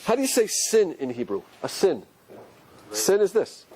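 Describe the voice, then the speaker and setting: Lecturing on Hebrew letters, a Torah teacher poses question after question to his audience, animated and rhetorical. His voice is high, his speed normal, and a little hiss or hum is audible.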